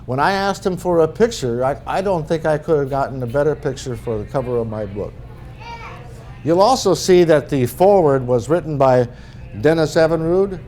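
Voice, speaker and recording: A man's voice: fairly high pitch, expressive, moderate pace, mellow, slight background noise. A middle-aged man from northern Minnesota giving a talk as an author, telling humorous anecdotes in a folksy way. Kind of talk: storytelling presentation.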